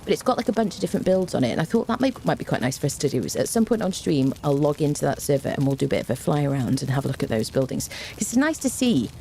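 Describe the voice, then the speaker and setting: A woman's voice: low voice, big pitch swings, very fast, creaky, few pauses, warm tone, slight background noise. A young woman streaming a game, chatting casually with viewers, greeting them by name with plenty of fillers. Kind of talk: casual live-stream chat.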